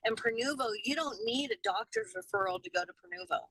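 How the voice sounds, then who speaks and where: Woman urging people on, bright gravelly voice, really lively pitch. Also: fast, poor audio. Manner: emphatic, urging. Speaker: patient's wife.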